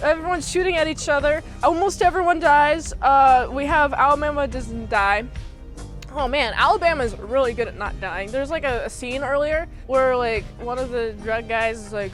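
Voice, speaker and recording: A woman's voice: high voice, normal speed, faint music behind. A young woman casually recapping a movie, rambling with lots of fillers and popping into goofy impressions of the characters. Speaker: movie reviewer.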